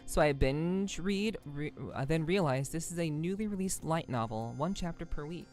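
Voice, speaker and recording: A woman's voice: sits low, animated, moderate pace, a little mellow, faint music behind. A woman streaming a game, chatting casually and reading text aloud, rambling a bit with restarts. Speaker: VTuber streamer.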